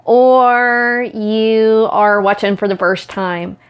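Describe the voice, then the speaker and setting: A woman's voice: a little high, steady tone, slow pace, clean tone. A middle-aged woman from Oklahoma with an Oklahoma Southern accent, giving an earnest, confiding motivational talk to camera. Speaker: self-empowerment vlogger.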